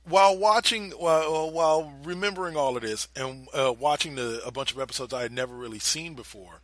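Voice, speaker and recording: A young man co-hosting a podcast, retelling a TV scene in casual, animated chat and swearing freely. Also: a little high, a little fast, dry recording. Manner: animated storyteller, swears freely, drops into quoted voices. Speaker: podcast co-host.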